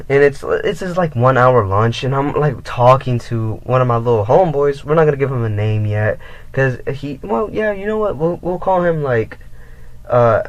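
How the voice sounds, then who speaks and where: A man's voice: medium pitch, rough recording. A teenage boy telling a rambling storytime in casual, profane slang. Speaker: vlogger.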